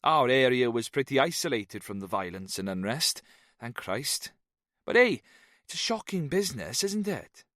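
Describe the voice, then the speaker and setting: A man voicing a jovial fifty-something Welsh man who talks in a slow, lilting way. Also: medium pitch, big pitch swings, fairly bright tone, dry recording, clean studio sound, pitched above the performer's own voice. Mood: ranting. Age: 50s. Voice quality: lilting, slow after drinks. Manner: hearty, chatty.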